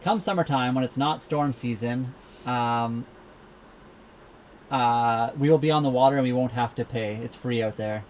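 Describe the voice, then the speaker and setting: A young Canadian man hosts a loose live Q&A from a docked sailboat, chatting and rambling with plenty of ums. His voice sits at an ordinary middle pitch. A faint noise hangs behind him. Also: normal speed. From Saskatchewan, Canada. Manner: rambling, easygoing, many fillers. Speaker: livestream host. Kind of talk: casual live Q&A chat. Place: cabin of a sailboat docked at a marina.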